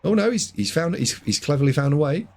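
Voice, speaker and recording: A man casting a video game match, excitable, jumping from loud shouts to muttered asides. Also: a little high, quick pace, vocal fry. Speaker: game caster.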